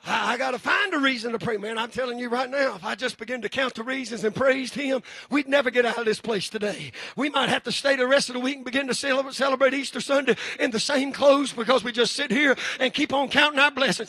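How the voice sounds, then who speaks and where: A preacher man with a very high, bright voice and a husky edge, rousing a congregation. He shouts his lines in rising, stretched-out peaks, then sinks to a low hush. The sound is dry and close. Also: quick pace, hardly any pauses, no echo. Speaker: pastor. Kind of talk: sermon.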